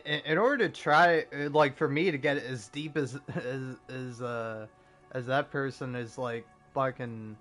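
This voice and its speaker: A man in his forties with a gravelly smoker's voice, giving rambling, self-mocking, profane commentary while streaming a game. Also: mid-range voice, a bit bright. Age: 40s. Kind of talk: casual gameplay commentary.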